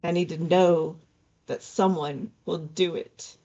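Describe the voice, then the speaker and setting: A woman's voice: on the low side, steady tone, slow pace, dark tone. A woman voicing a blunt but caring young woman who braids a friend's hair, speaking brusquely with a tender streak. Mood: earnest. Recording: dull lo-fi recording with faint music.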